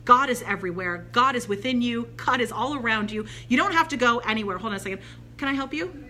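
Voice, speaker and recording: A woman's voice: on the high side, fast talker, a little hiss or hum. A woman telling a spiritual story in a casual, chatty way, acting out the voices of the people in it. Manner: chatty, animated, quotes voices in her anecdotes. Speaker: spiritual channeler.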